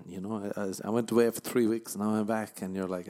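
A man's voice: low voice, steady tone, a little fast, vocal fry, few pauses, darkish tone. A young Irish man, a comedian hosting his own podcast, rambling in a profane, self-mocking casual monologue with a tired voice. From Ireland. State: tired voice from overuse. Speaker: stand-up comedian and podcast host.

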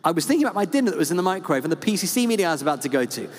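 High-voiced priest in an echoey hall. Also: male voice, rapid-fire. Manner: animated, chatty, with lots of fillers. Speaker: parish priest. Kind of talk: storytelling sermon. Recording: echoey hall with long reverb.

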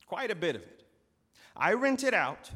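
A man's voice: sits low, very animated, heavily acted. A man playing an angry, betrayed landowner. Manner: loud, forceful and measured in anger.

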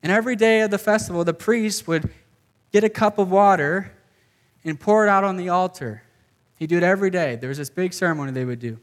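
Man, high-pitched voice, casual sermon, conversational, says "okay" and "like" often. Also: a little fast. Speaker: pastor. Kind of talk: casual sermon to a live group.

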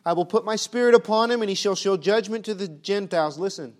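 A man preaches a sermon in a high-sitting voice at a quick pace. He poses rhetorical questions, swinging between hushed, soft passages and loud, emphatic ones.

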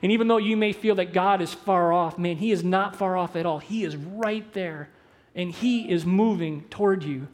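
High-voiced pastor preaching with sweeping dynamics. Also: male voice. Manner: animated, swings from loud emphasis to hushed softness; quick asides mixed with slow, drawn-out phrases. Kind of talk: sermon.

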